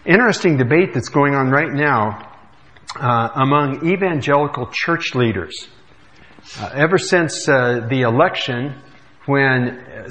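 A man preaching a sermon, his voice pitched a little high and carrying in a church with a long, lingering reverb. He speaks conversationally, with frequent "uh" fillers. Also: fairly bright tone. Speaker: pastor. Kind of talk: sermon with scripture reading. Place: church sanctuary.

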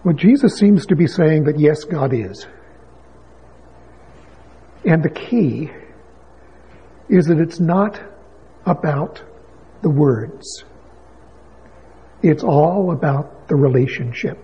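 A fairly high, very husky male voice preaching from the pulpit, relaxed and storytelling, then pressing hard with rising questions. His words ring out with a long reverb through a large church hall, and the sound is dull and lo-fi. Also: unhurried. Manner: conversational storyteller, rises to emphatic questions. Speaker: pastor. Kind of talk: sermon with storytelling.

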